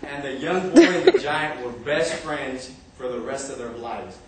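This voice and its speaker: A young man telling a comic story to a live audience, animated and often laughing. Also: mid-range voice, measured pace, crowd noise. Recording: echoey room, far from mic, audience.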